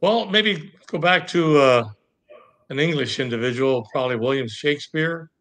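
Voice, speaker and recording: A man answering questions hesitantly, with many pauses and fillers. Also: fairly high pitch, fairly bright tone. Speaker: guest. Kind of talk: casual answers in conversation.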